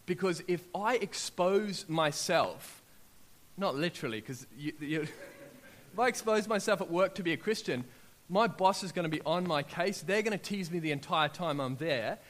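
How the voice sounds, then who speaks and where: A middle-aged Australian man preaching a sermon, telling personal testimonies and acting out what people said, building to loud, excited peaks. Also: a little high, normal speed.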